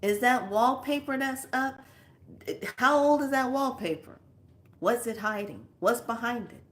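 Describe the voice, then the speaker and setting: A woman and spiritual teacher telling a story in casual, animated, slangy talk. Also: on the high side, a little slow. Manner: animated, slangy, acts out voices.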